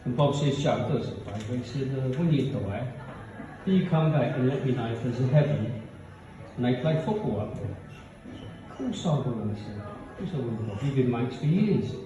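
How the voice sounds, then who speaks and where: A man's voice: mid-range voice, expressive, normal speed, music in the background. A man doing a live stand-up set, delivering punchy jokes and acting out the characters in them. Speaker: stand-up comedian. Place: comedy pub venue with live audience. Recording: roomy, distant, dull live recording.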